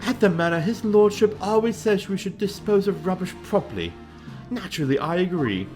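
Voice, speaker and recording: A man's voice: sits high, lively intonation, fairly quick, a little mellow, voice pushed up. A prim, eager servant, played by a man in a raised voice, self-righteous and keen. Faint game music sits behind him.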